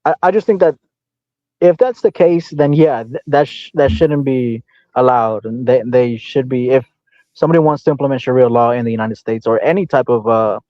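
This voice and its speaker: A hesitant man of medium pitch who restarts his sentences and hunts for words while he argues. His audio is dull and dry, with no room sound around it. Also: no room sound. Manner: hesitant, halting, many fillers. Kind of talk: casual debate.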